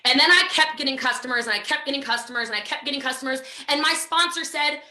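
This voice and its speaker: An American woman giving a live online sales training, talking in an energetic, emphatic way and repeating phrases for drive. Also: sits high, fast, reverberant. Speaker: network marketing trainer.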